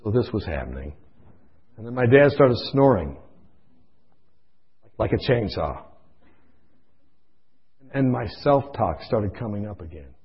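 A man delivers an impassioned sermon, moving between quiet storytelling and loud pleading. His voice sits on the low side, and the lo-fi recording sounds dull.

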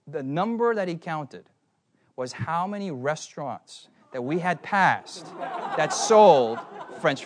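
A man preaching a sermon, telling stories in an animated way and putting questions to the congregation. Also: a little high. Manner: animated storytelling, asks the crowd questions.

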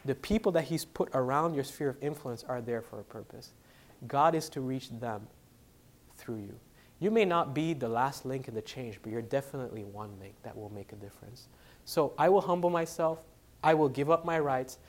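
A man delivers a sermon as if chatting, leaning on fillers like "you know" and correcting himself mid-sentence. His voice sits in a middle range. He lowers it to a near whisper to quote others and lifts it when he drives a point home. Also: lively intonation, normal speed. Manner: conversational storytelling, dropping to a hush for quoted lines, rising for emphasis; frequent fillers and self-corrections. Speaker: preacher, literature evangelist. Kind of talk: sermon with personal story.

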